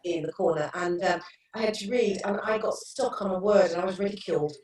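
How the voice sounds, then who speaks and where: A woman's voice: on the low side, a little fast, darkish tone. A middle-aged woman, a therapist telling stories earnestly in a casual interview, with many restarts. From England. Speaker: guest therapist. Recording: echoey room, distant mic.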